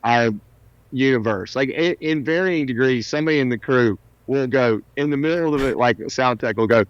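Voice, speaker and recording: A man in his fifties tells stories with animated, self-mocking humor, his voice sitting at an ordinary middle pitch. The sound is dry and slightly dull, as if the highs were trimmed off. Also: normal speed, dry recording. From South Carolina, US. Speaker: musician guest. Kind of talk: casual interview storytelling.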